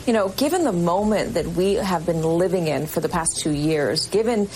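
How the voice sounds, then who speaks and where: A woman reporter speaking on a news broadcast clip, brisk and fluent, with a few fillers. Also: on the low side, lively intonation, dark tone, a little hiss or hum, rough recording.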